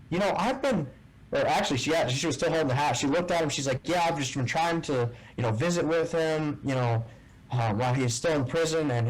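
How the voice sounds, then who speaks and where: Animated man telling a story. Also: a little high, low-quality recording. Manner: animated storyteller who acts out quoted dialogue. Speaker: guest, tournament bass angler. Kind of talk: casual storytelling in an interview.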